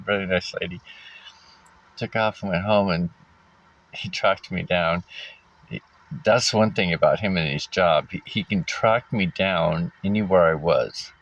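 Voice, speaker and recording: A man casually telling a personal story, halting often with fillers and restarts and giving wry little laughs. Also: low-pitched, a bit bright. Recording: dull lo-fi recording.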